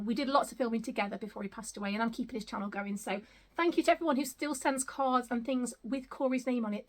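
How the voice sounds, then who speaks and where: A middle-aged woman from the UK, talking casually and gratefully as she unboxes gifts at home for her vlog, often exclaiming. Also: high-pitched. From United Kingdom. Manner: gushing, grateful, repeatedly exclaiming. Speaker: vlogger. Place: home, indoors.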